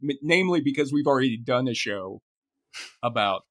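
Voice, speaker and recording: A man co-hosting a podcast in casual chat, talking in halting phrases full of restarts. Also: medium pitch, lively intonation. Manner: halting, restarts phrases, reads poetry aloud. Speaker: podcast co-host.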